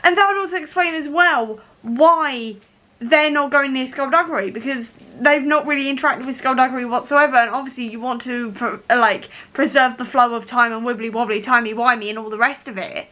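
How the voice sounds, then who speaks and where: A young woman chats to her camera at home, her voice high and bright. She rambles excitedly, full of fillers and restarts, like a fan mid-read. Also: a little fast. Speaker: book vlogger. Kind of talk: casual reading vlog. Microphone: camera mic.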